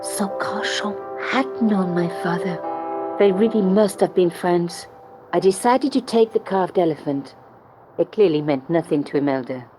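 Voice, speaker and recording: A woman's voice: on the low side, normal speed, over music, lightly acted, rough recording. A woman voicing a young female game heroine, narrating with dry, sardonic asides.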